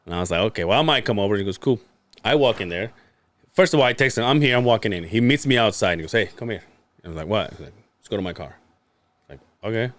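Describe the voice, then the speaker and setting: A man's voice: fairly low pitch, expressive, fast talker, fairly bright tone, no room sound. A man, a podcast co-host, telling a story in casual chat, acting out quotes, laughing and swearing freely.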